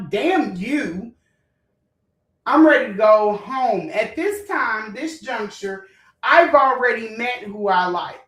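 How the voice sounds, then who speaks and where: A woman's voice: medium pitch, a bit bright, distant mic. Fired-up woman ranting in an echoey room. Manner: blunt, profane, emotional, talks straight to viewers. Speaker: vlogger. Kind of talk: heated storytime rant.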